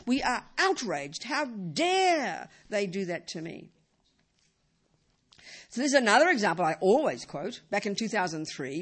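Emphatic woman giving a Buddhist talk. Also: mid-range voice. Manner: emphatic, with rhetorical questions. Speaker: Buddhist teacher.

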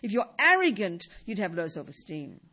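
A woman giving a Buddhist dharma talk, emphatic, often repeating words and restarting sentences, with phrases that fall low and soft at the end. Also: moderate pace. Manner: lively pitch, drops low and soft at phrase ends. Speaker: Buddhist teacher.

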